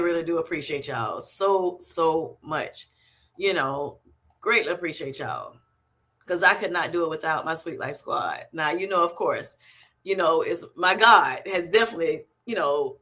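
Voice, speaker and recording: A bright, forceful woman's voice, hosting a live stream in a loose, chatty way. She is middle-aged and effusive, and she keeps pouring out thanks to her viewers. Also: fairly low pitch. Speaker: livestream host. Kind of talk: casual live-stream chat.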